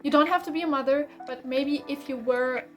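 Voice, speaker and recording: A woman giving a casual tarot reading, rambling warmly with lots of fillers and self-corrections. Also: high-pitched, fairly quick. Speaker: tarot reader. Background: faint instrumental music.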